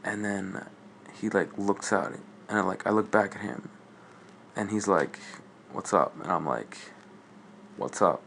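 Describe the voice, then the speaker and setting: Teen boy rambling a story on his gaming vlog, lots of like, low gravelly voice. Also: steady tone, moderate pace, fairly bright tone, a little hiss or hum. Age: teens. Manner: rambling, filler-heavy, acts out dialogue. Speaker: gaming YouTuber.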